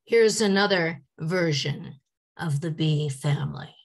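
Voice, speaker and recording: A woman giving a teaching lecture to English teachers, speaking deliberately and reading example questions aloud to show how they sound. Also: low voice, creaky. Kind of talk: slide-based teaching lecture.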